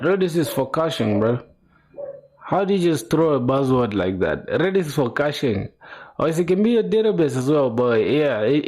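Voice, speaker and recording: A man's voice: medium pitch, a little mellow. Laid-back young man streaming code. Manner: laid-back, slangy, calls viewers bro and my boy; answers chat while thinking aloud, with fillers and restarts. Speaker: coding livestreamer. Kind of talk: casual live-stream chat.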